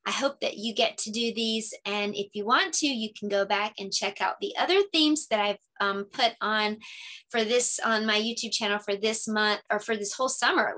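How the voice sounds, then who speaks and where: A woman teacher talking casually through her lesson ideas. She explains things chattily and sounds out words slowly when she demonstrates them. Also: mid-range voice, pushed and bright. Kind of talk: casual lesson-idea walkthrough.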